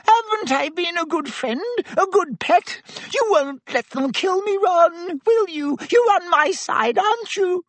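A man voicing a cowering, desperate male traitor who begs in a high, shrill, whimpering voice. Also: expressive, measured pace, hardly any pauses, fairly bright tone, no echo, exaggerated voice. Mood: pleading.

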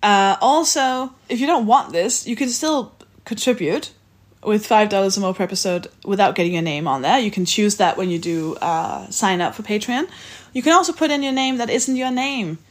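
A woman hosts her podcast and chats her way through the closing segment. She reads out a long list of supporter names in a conversational tone. Her voice sits at a mid pitch for a woman. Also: animated, moderate pace, hardly any pauses. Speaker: podcast host. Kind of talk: casual chat and read-out outro.

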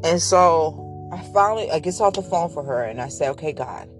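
Speaking fairly quickly in a low, expressive voice, a woman hosting her podcast shares a personal story as a casual monologue. She rambles with lots of fillers and, being devout, mentions God often, while faint music plays behind.

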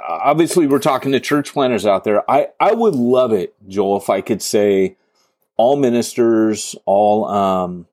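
A man's voice: on the low side, unhurried, darkish tone, no room sound. A man hosting a podcast interview, talking in a rambling, jokey way and often interrupting himself. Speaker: podcast host. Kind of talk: casual interview chat.

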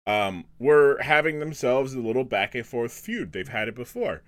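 A man's voice: medium pitch, very animated, fairly bright tone. A man hosting a podcast in casual chat, rambling with frequent restarts and fillers. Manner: halting, with many restarts and fillers. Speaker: podcast host.

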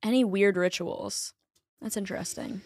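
Woman podcast co-host, young adult, deadpan and wry, swears freely; mid-pitched voice, dry close mic. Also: normal speed, no echo. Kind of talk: casual chat.

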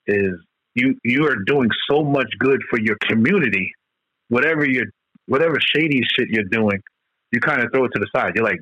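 A man's voice: fairly low pitch, pushed and bright, no echo, lo-fi sound. A man in casual podcast chat, talking loosely and profanely, rambling between points with lots of restarts.

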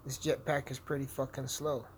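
A man's voice: mid-range voice, level tone, moderate pace, a little hiss or hum. Brash, swearing young man ranting. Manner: brash, swearing constantly, rambling. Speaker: podcast host. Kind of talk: casual profane monologue while gaming.

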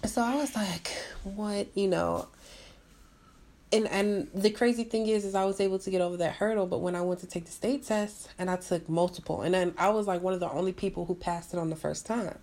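Young woman chatting on a podcast, animated storyteller, a little gravelly. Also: lowish voice, brisk. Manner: animated storyteller, acts out quotes. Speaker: podcast co-host. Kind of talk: casual chat with her husband.

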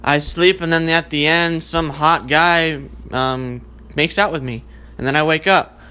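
A man's voice: on the high side, fairly even intonation, unhurried, bright, forceful tone, clear, resonant tone. A man voicing a sleepy, dreamy young actress who murmurs drowsily. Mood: drowsy.

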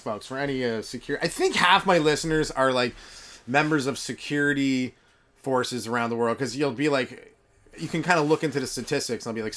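A man's voice: mid-range voice, a bit bright. A man hosting a solo comedy podcast, rambling and sarcastic. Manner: rambling, sarcastic, mumbles asides. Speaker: podcast host. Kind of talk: stand-up comedy monologue.

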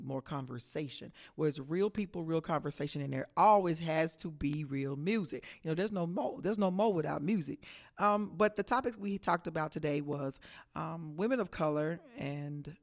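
A woman from Texas with a Texan accent, hosting a solo radio talk show as an upbeat pep talk, saying "y'all" and "baby". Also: deep voice.

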